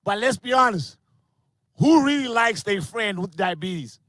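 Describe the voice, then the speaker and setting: Brash comedian, high voice. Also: male voice, a little slow, no room sound. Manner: brash, crude, animated storytelling with voiced characters. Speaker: stand-up comedian. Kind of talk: online stand-up set.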